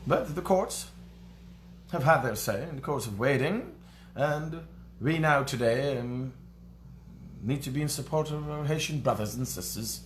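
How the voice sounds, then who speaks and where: A man voicing a prim, proper-spoken English news critic with careful, formal enunciation and a measured, pompous newsreader delivery. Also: medium pitch, animated, slight background noise, lightly acted.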